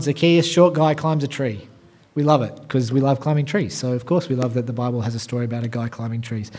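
Emphatic male preacher delivering a sermon. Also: mid-range voice. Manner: emphatic, builds from quiet asides to loud, raised passages; addresses the congregation directly with rhetorical questions. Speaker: pastor.

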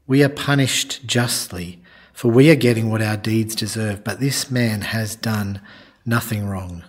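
Repentant criminal guy, humble, pleading, husky low voice, a man reading it. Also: a little slow. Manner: earnest, pleading.

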